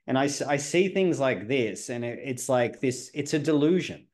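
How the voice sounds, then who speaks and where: A man's voice: mid-range voice, animated, normal speed, few pauses, a little mellow. A man hosting a casual podcast conversation, speaking bluntly and assertively in an opinionated way. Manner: sometimes swears. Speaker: podcast host.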